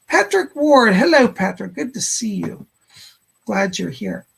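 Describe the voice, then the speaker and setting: Gravelly husky male psychic host. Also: sits high, sing-song, measured pace. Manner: relays spirit messages, frequent "he said" and "hold on". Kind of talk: live-stream psychic readings of chat questions.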